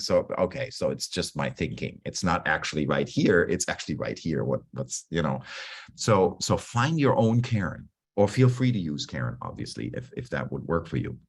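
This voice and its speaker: A man coaching a group on stress in a relaxed, conversational way over a video call, often restarting his sentences and acting out his own inner dialogue. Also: deep voice, husky. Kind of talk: online talk on stress.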